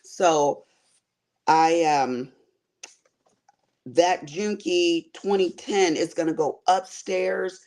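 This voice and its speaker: A woman chatting on a sewing and embroidery livestream from her quilting area, animated, calling viewers honey and y'all. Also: on the low side, very slow, long pauses. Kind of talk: casual livestream chat.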